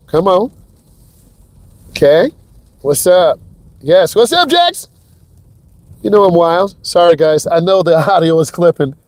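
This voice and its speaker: In a dry recording, a driving instructor speaks with a slightly high voice and darkish tone. He gives excited, viewer-directed commentary on a live lesson while driving the car.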